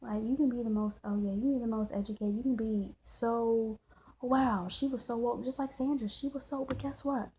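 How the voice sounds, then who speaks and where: A woman's voice: a little high, fairly even intonation, a little fast, few pauses, mellow, a little hiss or hum, poor audio. A woman ranting to camera, heated and preachy, with a lot of swearing and the same points said again and again. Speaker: vlogger. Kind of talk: impassioned rant to camera.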